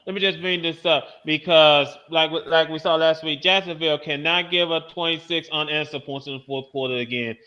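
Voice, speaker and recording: A man hosting a casual sports podcast, briskly moving the talk along. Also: fairly high pitch, fairly even intonation, sharp tone, highs cut off. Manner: moves the show along, brisk. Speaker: podcast host.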